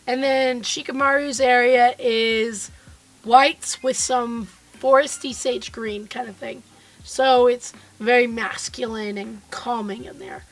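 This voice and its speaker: A woman with a hoarse, froggy voice from being sick, chatting casually and cheerfully with viewers from her home basement studio. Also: fairly high pitch. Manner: chatty and upbeat, greeting viewers by name. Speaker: quilt designer and live streamer. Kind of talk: casual live-stream chat.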